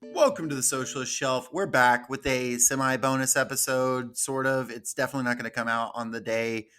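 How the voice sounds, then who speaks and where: A man's voice: mid-range voice, fairly even intonation, brisk, pushed and bright, faint music behind. A man hosting a podcast in casual chat, joking and laughing at his own jokes. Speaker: podcast host.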